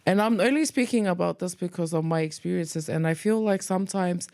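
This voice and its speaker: A woman, co-hosting a podcast, telling school stories in a casual, lively way, acting out quoted voices and mixing in Tongan words. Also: fairly low pitch, fairly quick. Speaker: podcast co-host. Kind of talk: casual storytelling chat.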